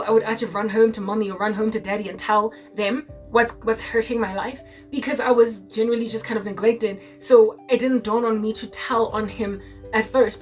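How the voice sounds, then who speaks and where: A young South African woman telling a personal story in a casual monologue, mixing English with Sesotho and often asking "do you understand?". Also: a little high. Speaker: Christian YouTuber. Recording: distant mic with faint music behind.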